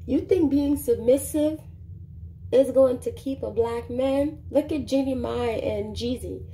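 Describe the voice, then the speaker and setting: A woman vlogger giving sassy, animated opinion commentary to the camera in a casual way. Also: high-pitched, unhurried. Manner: sassy, animated, talks back to the subject. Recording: roomy echo with faint background noise.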